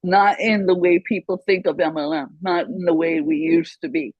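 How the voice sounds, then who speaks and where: A woman's voice: lowish voice, big pitch swings, normal speed, vocal fry, dry recording, dull audio. Wry woman on a training call.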